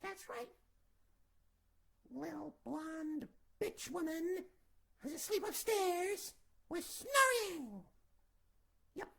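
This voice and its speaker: A woman's voice: very high-pitched, lively intonation, very slow, gravelly, long pauses, pushed and bright. A woman telling a children's story comically, rambling with sarcastic asides.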